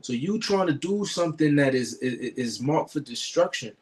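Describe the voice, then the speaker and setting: A man's voice: on the high side, expressive, moderate pace. Man, reaction commentary, preachy, scripture-quoting, scornful, profane.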